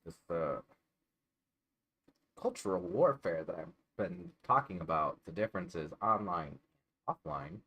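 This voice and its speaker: A man's voice: low-pitched, animated, a little slow, long pauses, bright, forceful tone, breathy edge. A man chatting casually in a vlog at home, digressive and profane, with self-deprecating asides. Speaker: vlogger. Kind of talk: casual rambling vlog chat.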